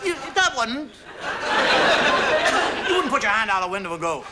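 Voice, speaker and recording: High-voiced man doing stand-up. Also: big pitch swings, moderate pace, a loud crowd, very noisy. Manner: conversational, acts out gestures and sounds. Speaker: comedian. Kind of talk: stand-up comedy monologue. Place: stage before a live audience.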